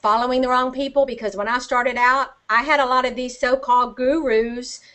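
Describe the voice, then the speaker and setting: Older lady, high voice, laughs a lot, chatty video call guest. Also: steady tone, brisk, sharp tone. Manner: chatty and self-deprecating, laughs often. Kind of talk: casual video-call chat.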